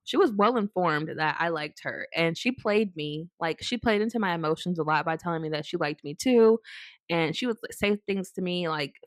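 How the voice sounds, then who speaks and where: Young woman, lowish voice, dry close sound, chatty rambling storytime vlogger. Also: dry recording. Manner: rambling, filler-heavy, animated quoted asides. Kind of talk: casual storytelling to camera.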